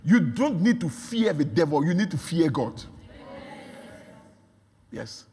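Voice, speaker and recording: A man preaching a sermon, repeating phrases and building from quiet talk to shouts. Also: on the high side, big pitch swings, slow pace, a little hiss or hum. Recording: long hall reverb.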